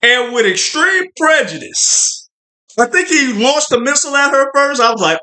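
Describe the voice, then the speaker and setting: Man, livestream podcast host, animated swoops, chatty and rambling. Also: very high voice, moderate pace. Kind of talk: casual spoiler review livestream.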